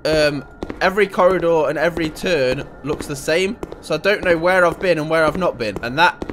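A man's voice: on the high side, moderate pace, fairly bright tone, slight background noise. A young man doing panicky, swearing commentary while playing a horror game. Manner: panicky, sweary, jokey, sings and talks to himself. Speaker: gaming YouTuber. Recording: game music behind the voice. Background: game music.

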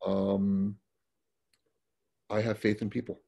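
This middle-aged man is a paramedic appearing as a guest, recounting work stories plainly and conversationally with many restarts. He speaks slowly in a fairly low, husky, dark voice with vocal fry and little pitch movement.

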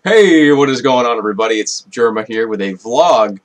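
A man's voice: medium pitch, animated, a little fast. A man making a casual vlog in his room, upbeat and calling to his dog in a raised voice. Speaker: vlogger.

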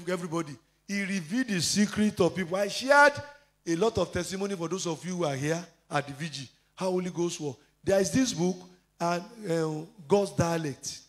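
High-pitched man preaching a sermon. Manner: preaching with scripture citations and personal testimony, frequent fillers. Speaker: pastor.

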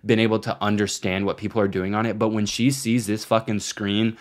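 A man's voice: fairly low pitch, level tone, brisk. A young man in his twenties, co-hosting a podcast, rambling in casual chat with lots of swearing and filler words. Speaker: podcast co-host.

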